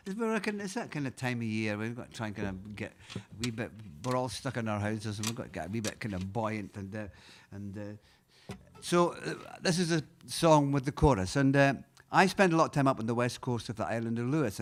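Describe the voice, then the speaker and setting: A Scottish man, a singer-songwriter, telling a rambling, halting story between songs, chuckling often. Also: medium pitch, slight background noise. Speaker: singer-songwriter introducing a song.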